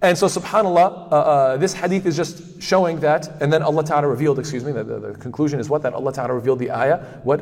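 A man teaching a religious lesson who keeps posing rhetorical questions, stumbles through doubled fillers and restarts, and recites verses quickly. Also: medium pitch, a little mellow. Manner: asks himself rhetorical questions ("what?"). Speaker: Islamic studies teacher. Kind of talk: lecture on hadith. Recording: long hall reverb.

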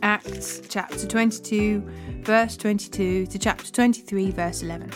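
A woman hosting a daily Bible reading, reading scripture in a measured, unhurried way. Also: medium pitch, fairly even intonation, over music.

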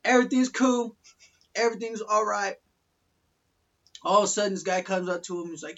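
A man's voice: high voice, level tone, brisk, vocal fry, pauses often, a bit bright. A young man from Colorado telling profane, laugh-filled stories in casual podcast chat. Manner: profane, laughing through anecdotes. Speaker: podcast guest storyteller. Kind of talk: casual storytelling. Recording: dull lo-fi podcast audio.

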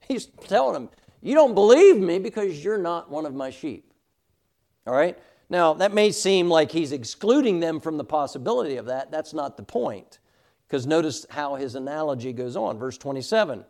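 A middle-aged man teaches a Bible class with emphatic conviction, often checking in with his listeners. His voice sits high and rises and falls widely as he reads verses slowly and stresses each word. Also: lively intonation, vocal fry, darkish tone. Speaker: Sunday school teacher.

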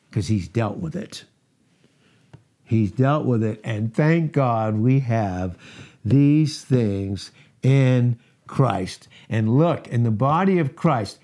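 A man's voice: medium pitch, mellow. A middle-aged man preaching a sermon, emphatic, asking rhetorical questions and repeating key words.

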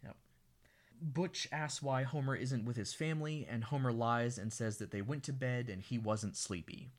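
A man's voice: mid-range voice, normal speed. A man co-hosting a casual podcast, recapping an old film scene by scene and acting out the characters' lines. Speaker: podcast co-host. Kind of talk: casual movie recap chat.

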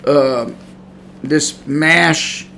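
Fiery preaching man, high bright voice. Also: drawn-out words, gravelly, slight background noise, rough recording. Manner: fiery, rising to shouts on warnings, then chatty asides. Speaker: podcast preacher. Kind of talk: preaching sermon. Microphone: podcast mic.

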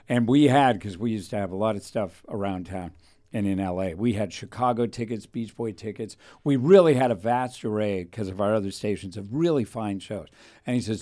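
A man's voice: on the low side, a little fast, warm tone. A man telling a long rambling anecdote in casual chat, acting out the voices of people in the story. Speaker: radio host.

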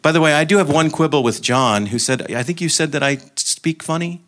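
A man's voice: fairly high pitch, fairly quick, fairly bright tone. A man giving an informal talk to a group, telling anecdotes and joking, with frequent restarts. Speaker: guest speaker.

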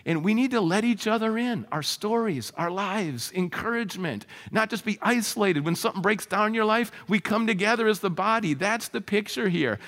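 A man's voice: high voice, a bit bright, in a large hall. A middle-aged male pastor preaching a sermon in an earnest, conversational way, with fillers along the way. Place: church sanctuary.

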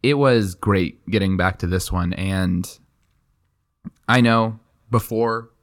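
A young man co-hosting a podcast in casual chat, talking in an animated way and jumping between asides. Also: fairly low pitch, slow pace. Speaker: podcast co-host.

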